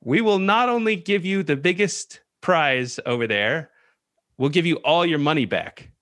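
A man's voice: a little high, animated, a little slow, a bit bright, dry recording, studio quality, voice pushed up. A man doing a pushy carnival game barker. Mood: coaxing. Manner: coaxing, persuasive patter.

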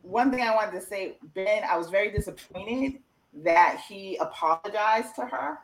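A woman's voice: medium pitch, normal speed, a little hiss or hum, low-quality recording. A woman co-hosting a casual recap chat over a video call with a glitchy connection, talking hesitantly with restarts. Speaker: podcast co-host.

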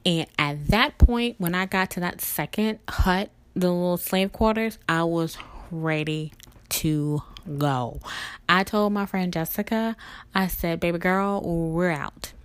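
Woman, lowish voice, emotional storytelling, slow halting delivery, dry recording. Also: clean tone, dry recording. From family roots in Louisiana. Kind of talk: personal storytelling.

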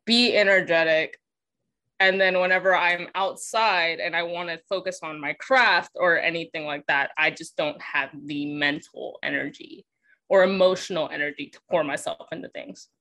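A woman speaking with a Southern twang in a casual podcast chat. Her voice is bright and forward, and she laughs easily. She talks in a lively, animated way. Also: lowish voice, moderate pace, rough recording. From Texas. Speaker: podcast co-host.

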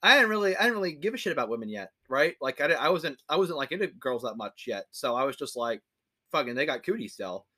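A man's voice: a little high, sing-song, fast, few pauses, bright, forceful tone. A young man co-hosting a podcast, joking crudely, laughing often and acting out quoted lines. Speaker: podcast co-host. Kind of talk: casual crude banter.

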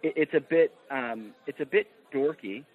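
A man's voice: mid-range voice, moderate pace, slightly rough. A man, a film producer guest on a podcast, telling a story with enthusiasm and laughter in casual chat. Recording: tinny phone-like line.

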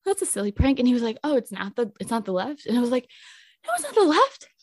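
A young woman cohosting a podcast, telling a dating story in a casual, animated way, jumping up in pitch when she quotes people. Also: racing. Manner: animated, acts out quotes with jumps in pitch, many fillers.

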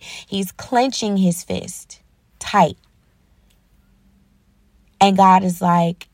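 A woman's voice: medium pitch, fairly even intonation, takes it slowly, creaky, long pauses, a little mellow, no echo, studio quality. A woman hosting an inspirational podcast, earnestly retelling a film scene and drawing lessons from it. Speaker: podcast host.

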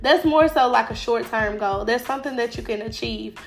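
A woman talks through a faith-based motivational podcast, her fairly high voice stuffy from a cold. She speaks casually and encouragingly, leaning on fillers. Faint music plays underneath. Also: fairly quick, gravelly. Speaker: podcast host.

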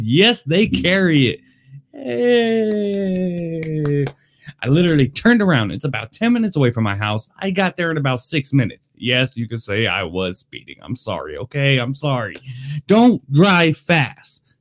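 A man chatting excitedly in a casual taste-test vlog, talking to his viewers. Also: fairly high pitch. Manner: excitable, chatty, lively delivery. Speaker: vlogger. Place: Las Vegas.

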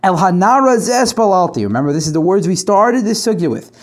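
A man's voice: high-pitched, big pitch swings, brisk. A man teaching a Talmud page aloud, translating line by line, asking rhetorical questions and restarting phrases.

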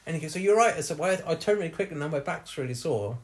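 A man's voice: fairly high pitch, lively intonation, very fast. A man, hosting a podcast and telling a long personal story in casual chat, laughing often as he goes. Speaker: podcast host.

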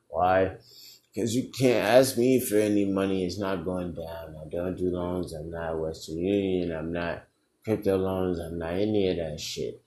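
A man's voice: sits low, fairly even intonation, a little slow, warm tone, reverberant, slight background noise. A young man hosting his own podcast, rambling and swearing, laughing often, and saying he is drunk. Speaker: podcast host. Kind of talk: casual solo podcast rambling.

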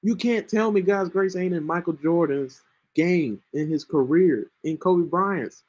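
Earnest man with a slightly raised pitch, hosting a casual faith podcast with coughing fits. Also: a little slow, darkish tone. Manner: earnest, keeps asking "right?". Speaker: Christian podcast host. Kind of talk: casual Bible-teaching monologue. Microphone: home computer mic with screen sharing.

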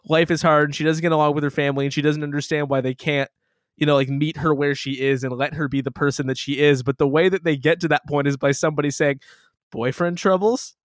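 A man co-hosting a casual movie review chat, rambling and halting, swearing and laughing often. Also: on the high side, little pitch movement, dry recording, clean studio sound. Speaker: podcast co-host.

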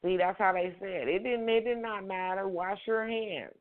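A woman hosting a radio prayer-line show in a sassy, lively manner, repeating her points and calling on listeners to answer back. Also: mid-range voice, normal speed. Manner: sassy, repetitive exhortations, call-and-response. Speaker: radio talk show host. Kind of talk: casual motivational prayer-line talk. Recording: tinny phone-line sound.

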